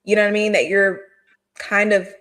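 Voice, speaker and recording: A woman co-hosting a casual gossip podcast, animated and exclamatory, laughing as she talks. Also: medium pitch, moderate pace. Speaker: podcast co-host.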